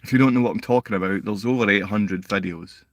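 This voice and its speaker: A man's voice: on the low side, fast talker, no echo. A man hosting a live stream, answering chat comments in a combative, insulting rant. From Scotland. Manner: combative, insulting, rising to shouted outbursts. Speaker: livestream host and father.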